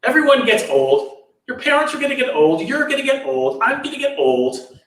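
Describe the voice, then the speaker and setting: A man's voice: fairly high pitch, moderate pace, slight background noise. A man voicing a male servant who explains things in a patient, matter-of-fact way, heard in a roomy space from a distance. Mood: explaining. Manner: flat, explaining tone.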